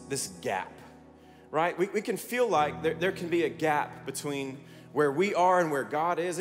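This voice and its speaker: Man preaching, fairly high voice, energetic, long hall reverb, faint music behind. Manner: energetic, rallying the congregation. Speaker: pastor. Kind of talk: sermon. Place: large church hall.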